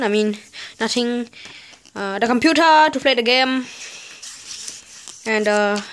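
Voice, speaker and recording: A woman's voice: fairly high pitch, a bit bright. A woman vlogger ranting in a casual, sarcastic, exasperated way, spelling out letters in disbelief. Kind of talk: casual vlog rant.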